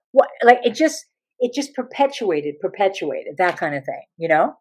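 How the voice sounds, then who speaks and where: An animated woman tells comic family stories as an interview guest. Her pitch swings widely and she laughs often, brash and lively. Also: normal speed. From New Jersey. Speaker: guest storyteller.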